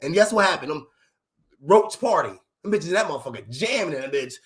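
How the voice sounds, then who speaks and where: A young adult man telling comedic stories in a profane, animated style, slipping into character voices. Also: on the high side, brisk. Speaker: comedic storyteller.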